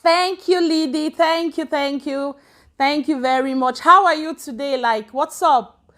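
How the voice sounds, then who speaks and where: A woman's voice: sits high, a little slow, fairly bright tone. A woman from Africa hosting a casual livestream, chatting and greeting viewers by name. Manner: chatty, greets viewers by name, switches between English and Swedish. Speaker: livestream host. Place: home in Sweden.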